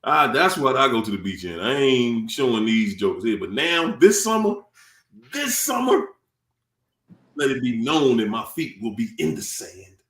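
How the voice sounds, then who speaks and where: A man's voice: mid-range voice, lively intonation, moderate pace, few pauses, a bit bright, reverberant. A man from Washington DC hosting a live stream, greeting viewers in a playful, joking way and laughing often. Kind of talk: casual chat greeting viewers.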